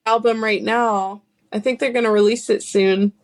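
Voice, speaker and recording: A woman's voice: a little high, fairly even intonation, moderate pace. A woman guest musician in a casual interview, easygoing and giggly, filling her talk with "like". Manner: heavy use of "like", giggly and easygoing.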